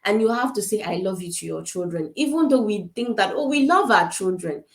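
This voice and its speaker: Quick, emphatic African woman in an echoey room. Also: mid-range voice, expressive. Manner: quick, emphatic, repeats points. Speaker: parenting speaker. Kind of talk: informal advice talk. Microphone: camera.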